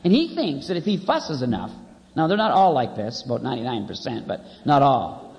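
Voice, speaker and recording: A man's voice: mid-range voice, sing-song, a little fast, a little mellow. A man preaching a sermon in a wry, conversational way, often repeating his key phrases. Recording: dull lo-fi audio with long hall reverb.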